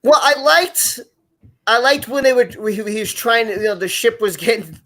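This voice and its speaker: A man's voice: extremely high pitch, animated, normal speed, a bit bright. A man hosting a live online show, talking casually and rambling with many restarts and repeated words. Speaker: podcast host.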